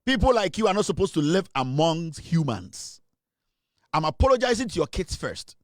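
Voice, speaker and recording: A man's voice: fairly high pitch, very animated, moderate pace, no room sound, clean studio sound. A man hosting a live talk show, delivering repetitive, threatening accusations. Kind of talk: heated live commentary.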